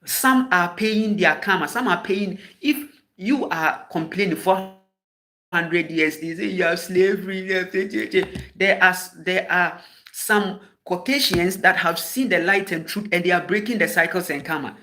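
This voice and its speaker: A man's voice: sits high, moderate pace. Scolding Ghanaian man, fiery rhetorical questions. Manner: scolding, emphatic, repeats sharp rhetorical questions. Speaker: spiritual teacher. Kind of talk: impassioned spoken address.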